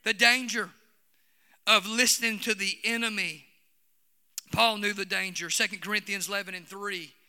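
A man preaching a fervent sermon as pastor, his voice swelling toward shouts. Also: high-pitched, fairly even intonation, normal speed, pauses often, smooth. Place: church sanctuary. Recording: long reverb of a church hall.

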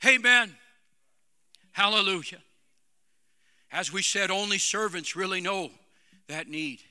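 A man's voice: high voice, moderate pace, bright, forceful tone. A man preaching a sermon as pastor, calling out "Amen?" to his congregation. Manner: preaching with call-and-response "Amen?". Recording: long hall reverb.

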